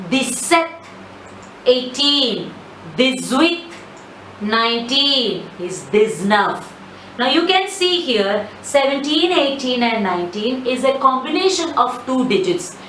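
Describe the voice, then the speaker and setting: A woman teaching a slide-based French lesson, speaking slowly and patiently and repeating each word for practice. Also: a little high, fairly bright tone. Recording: echoey room, mic at a distance, faint ambient noise.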